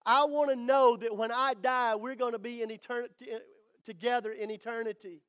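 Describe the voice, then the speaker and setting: A male pastor with a strikingly high voice preaches to his congregation. He builds to emphatic declarations and leans on dramatic pauses. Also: fairly even intonation, a bit bright, clear, resonant tone. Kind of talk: sermon.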